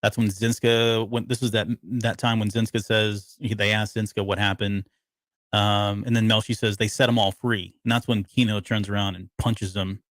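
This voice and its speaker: Low-voiced man rambling about a show. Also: little pitch movement, normal speed, a bit bright, dry recording. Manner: rambling, frequent restarts and fillers. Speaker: podcast co-host. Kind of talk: casual episode breakdown chat.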